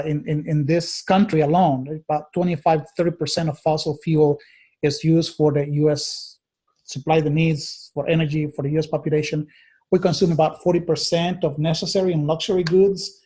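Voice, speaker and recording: A man gives a recorded lecture to his students in an earnest, thinking-aloud way, pausing often on fillers and restarting his sentences. His voice sits a little high for a man, yet it sounds mellow and soft rather than bright. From United States. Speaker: teacher.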